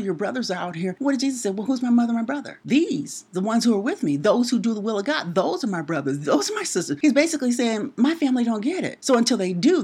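A woman's voice: mid-range voice, a little mellow, husky. A middle-aged woman preaching a sermon, impassioned and building to emphatic peaks.

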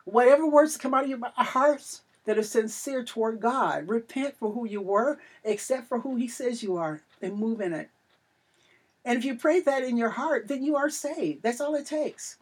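High-voiced fervent woman preacher. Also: animated, normal speed, breathy edge. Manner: fervent, declaiming, rising to shouts then dropping to a hush for prayer. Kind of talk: impassioned sermon.

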